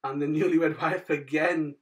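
A man, hosting a daily channel and telling a moral story with religious advice in a casual way, often calling his listeners "guys" and letting his phrase ends fall soft. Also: on the high side, fairly even intonation, measured pace, far from the mic. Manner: chatty, says "guys" often, trails off softly at phrase ends.

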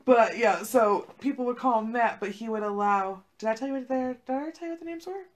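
A young woman talks fast in a fairly high voice, telling a story as a podcast co-host. Her casual chat is laid-back and profane, packed with "like."

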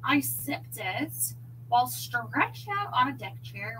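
Expressive woman reading a story aloud. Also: a little high, slow pace, background noise. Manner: expressive, with chatty asides to viewers. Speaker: audiobook reader. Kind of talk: reading a novel aloud on a livestream.

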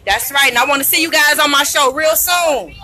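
A woman's voice: sits high, brisk, faint music behind. A woman hosting a live internet radio stream, chatting with vendors on the street into a handheld phone. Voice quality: loud, chatty, hype. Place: outdoor street event.

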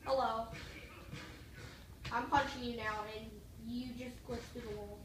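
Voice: medium pitch, steady tone, unhurried. A young gamer giving casual, rambling commentary while playing, often trailing off mid-thought. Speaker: gamer co-host. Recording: roomy, distant mic, faint hiss.

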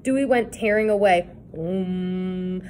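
Woman narrator, read-aloud kids' book, expressive. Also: mid-range voice, moderate pace, a little hiss or hum. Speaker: reader.

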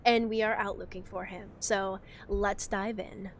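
A young woman hosting a gaming video, commenting loudly and playfully, joking and laughing as she plays. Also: mid-range voice, steady tone, measured pace, hardly any pauses, a little hiss or hum. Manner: loud, playful, jokey, laughs often. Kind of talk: let's-play commentary. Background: game music.

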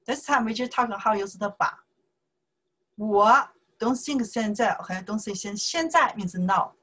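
Slow husky woman teaching Chinese. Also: mid-range voice, animated, a bit bright, rough recording. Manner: slow, repeats words, says okay often. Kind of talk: informal language lesson.

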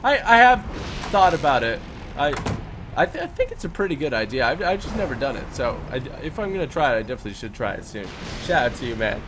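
A young man hosting a game live stream, chatting casually and giving quick, upbeat shout-outs with some stumbles. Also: medium pitch, big pitch swings, noisy background. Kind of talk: casual live-stream chat, reading out super chats.

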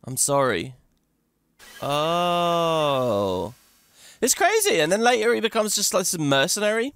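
A man's voice: high-pitched, huge pitch swings, unhurried, a bit bright, clear, resonant tone. A man hosting a video game playthrough, chatting away and thinking aloud as he plays, laughing often. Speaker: let's play host.

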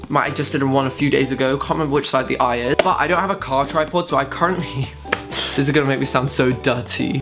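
Brief: camp young vlogger, sassy asides, squeals, music bed underneath. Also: male voice, medium pitch. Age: young adult. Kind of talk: casual haul vlog. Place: bedroom with studio light. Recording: music playing behind the voice.

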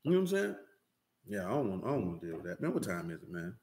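A man's voice: low-pitched, big pitch swings, very fast, a little mellow, echoey room. A man giving a loose, conversational sermon, talking directly to listeners and often checking they follow him. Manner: talks loosely and directly, often asking "you know what I'm saying". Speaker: preacher.

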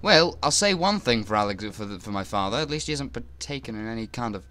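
A man's voice: medium pitch, expressive, fast, bright, forceful tone. A man commentating a horror game he is playing, jittery and swearing often as he talks to himself. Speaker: let's player.

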